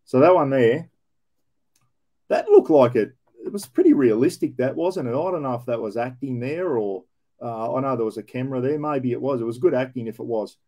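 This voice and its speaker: An Australian man with a dark, mellow tone tells his old police stories bluntly, swearing freely and leaning on slang. He speaks at a middling pitch in a loose, casual reaction-video style. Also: big pitch swings, a little fast. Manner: blunt, profane storytelling with slang.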